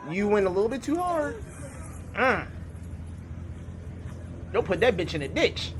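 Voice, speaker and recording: A man hosting a reaction video, talking casually and yelling excitedly at what he watches. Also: sits high, moderate pace, long pauses, some chatter behind, slight background noise. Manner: excitable, yells at the clips, heavy swearing. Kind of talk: casual profane reaction commentary.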